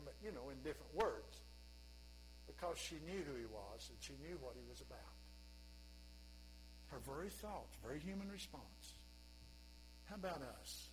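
A man's voice: a little high, expressive, moderate pace, long pauses, a little hiss or hum, poor audio. A male pastor preaching a sermon in a folksy, conversational way with humorous asides.

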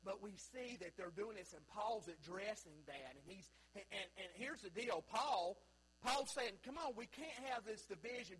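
A man preaching a sermon in a church, swinging from loud, high bursts down to low, quiet stretches. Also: a little hiss or hum, poor audio. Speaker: pastor. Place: church sanctuary.

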